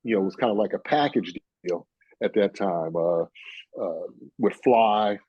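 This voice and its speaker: A man's voice: fairly low pitch, normal speed, breathy edge, no echo, lo-fi sound. A man in his sixties from New York, a guest telling rambling stories full of "you know" and "uh". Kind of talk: casual storytelling chat.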